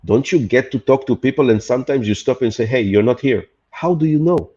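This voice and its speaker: A man talks as a podcast guest, pressing his points with rhetorical questions and little acted-out quotes. His voice is warm and mellow. The recording sounds a little dull and lo-fi. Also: medium pitch, a little fast. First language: Hebrew. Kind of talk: animated conversational podcast talk.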